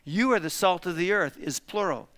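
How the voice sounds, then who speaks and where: A man preaching a sermon to his congregation, emphatic and animated, asking rhetorical questions. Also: high voice, moderate pace. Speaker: pastor.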